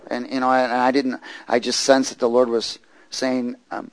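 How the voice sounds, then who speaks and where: A man preaching and telling his testimony, moving from loud preaching to hushed storytelling. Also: medium pitch, steady tone, normal speed, no room sound, low-quality recording.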